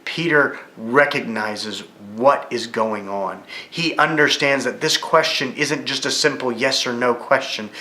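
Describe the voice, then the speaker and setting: A man teaching a Bible study lesson in a church, retelling the story vividly and rising with excitement at key moments. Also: mid-range voice, a little slow, hardly any pauses. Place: church room. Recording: echoey room.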